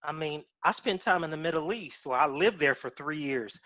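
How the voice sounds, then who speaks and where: A man from Cincinnati chatting casually as a co-host, telling lively anecdotes and acting out other people's voices. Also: on the high side, moderate pace. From Cincinnati, Ohio. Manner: animated storyteller who acts out voices in his anecdotes. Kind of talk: casual chat. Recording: dull lo-fi stream audio.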